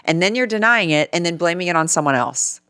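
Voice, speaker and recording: A woman co-hosting a podcast in casual chat, reacting quickly and getting excited as she agrees. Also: fairly low pitch, clean tone, no room sound, studio quality. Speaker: podcast co-host.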